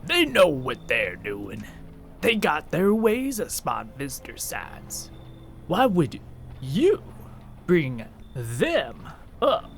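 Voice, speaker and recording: A grim video-game vigilante who hunts monsters house to house. He speaks in a gruff, suspicious tone, slow and heavily inflected, sometimes sinking to a husky whisper. Faint game music plays underneath. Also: on the high side, a bit bright, heavily acted. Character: grim menacing male vigilante purging monsters.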